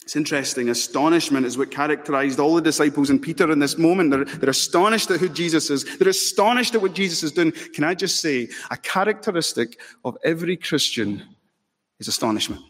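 A man preaching a sermon with passion, building to loud emphatic peaks. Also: on the high side, fairly quick, few pauses. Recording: long hall reverb.

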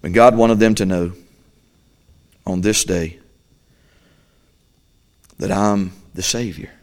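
Man, pastor, church sermon, loud then hushed, restarts phrases. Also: sits low, steady tone, slow. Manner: swings from loud preaching to hushed, quiet talk; repeats himself, restarts phrases. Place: church midweek service.

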